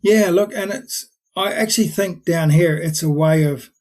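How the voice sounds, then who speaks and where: A man's voice: on the high side, moderate pace, darkish tone. An older man, a podcast guest chatting and telling stories in a rambling way, full of restarts. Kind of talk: casual storytelling chat.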